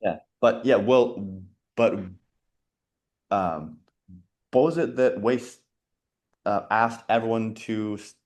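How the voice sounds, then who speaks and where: A man on a video call in a casual quiz chat, thinking aloud, muttering softly while he recalls answers and laughing often. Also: lowish voice, slow pace, pauses often. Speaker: quiz co-host.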